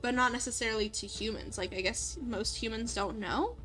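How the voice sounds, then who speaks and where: A woman's voice: on the high side, fairly quick, sharp tone, faint music behind. A young woman streamer reading a visual novel aloud and rambling in a bubbly, giggly way between lines.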